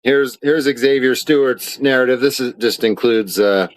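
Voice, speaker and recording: A man's voice: mid-range voice, a little slow, dry recording, poor audio. A man on a live stream, angrily denying claims and reading arrest papers aloud while swearing often, from his home studio. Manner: indignant, swearing often, reads documents aloud. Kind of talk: angry live-stream rant.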